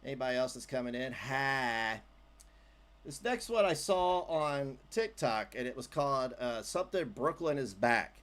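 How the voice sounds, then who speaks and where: Animated man hosting a livestream. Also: medium pitch, moderate pace. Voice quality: animated, jokey, trails off into asides. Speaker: livestream host. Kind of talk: casual livestream chat.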